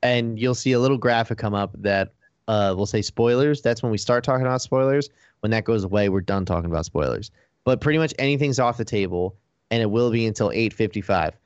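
A man's voice: on the low side, fairly quick, no echo. A man hosting a podcast in casual chat, rambling with lots of "like" and frequent laughter. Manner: rambling, heavy use of "like", laughs often. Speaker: podcast host. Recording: dull, lo-fi dry recording.

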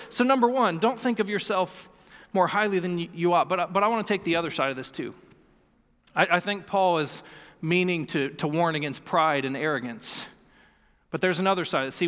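A man's voice: high-pitched, fairly bright tone, in a large hall. A man in his thirties preaching a sermon as pastor, earnest and emphatic, often repeating key phrases. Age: 30s. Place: church sanctuary.

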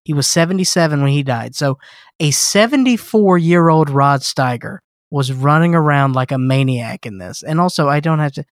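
A man's voice: a little high, normal speed, no room sound, studio quality. A man co-hosting a podcast in casual chat, laying out facts emphatically. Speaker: podcast co-host.

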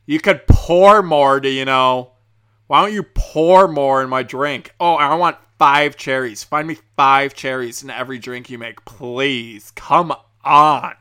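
A man's voice: mid-range voice, smooth. A man mimicking a whiny, demanding bar customer. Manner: loud, drawn-out, whiny demands.

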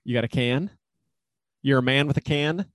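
A Minnesotan man co-hosting a podcast from his home, talking in a relaxed, easygoing way and laughing now and then. His voice sits at an ordinary pitch, recorded close and dry. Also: normal speed, no room sound. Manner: laid-back, chuckling often. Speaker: podcast co-host, actuary. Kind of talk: casual chat.

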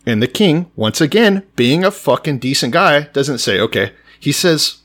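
Swearing, animated man retelling scripture. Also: fairly high pitch, moderate pace, few pauses. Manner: animated, swears freely, paraphrases scripture in slangy voices. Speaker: podcast co-host. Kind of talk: casual profane chat retelling scripture.

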